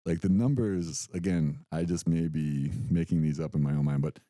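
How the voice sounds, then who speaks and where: With an extremely low voice at a moderate pace, a young adult podcast co-host animatedly tells a story, performing the quotes in casual chat. The recording has no room sound.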